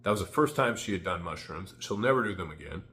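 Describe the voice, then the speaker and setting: A man's voice: low voice, animated, quick pace, bright, forceful tone, slight background noise. A man telling a candid, rambling personal story to the camera, full of "like" fillers. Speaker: vlogger.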